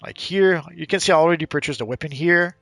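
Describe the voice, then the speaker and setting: Man, casual gameplay commentary, chatty and explanatory, slightly high voice, dry close sound. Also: quick pace, dry recording, soft background music. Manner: relaxed, chatty, explains as he plays. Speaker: gaming channel host.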